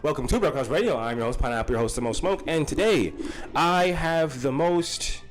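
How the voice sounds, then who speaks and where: A man's voice: on the high side, a little fast, soft background music. A man hosting a casual livestream, rambling and swearing freely while greeting chatters by name. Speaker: livestream host.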